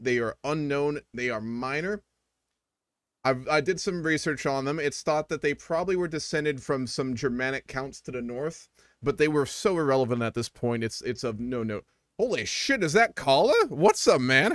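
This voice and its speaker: A man's voice: mid-range voice, no room sound, clean studio sound. A young man streaming a strategy game, chatting casually with viewers and rambling with fillers. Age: young adult. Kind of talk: casual live-stream commentary.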